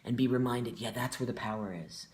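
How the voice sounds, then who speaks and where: His voice is mid-range with a darkish tone, going a little fast. A man in his forties who performs on stage, he's a guest telling stories in an interview, emotionally open, earnest and heartfelt.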